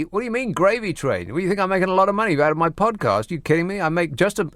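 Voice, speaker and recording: A man's voice: mid-range voice, fairly bright tone, clean tone, no echo. A man hosting a late-night radio phone-in, talking with dry sarcasm. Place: radio studio. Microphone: studio mic.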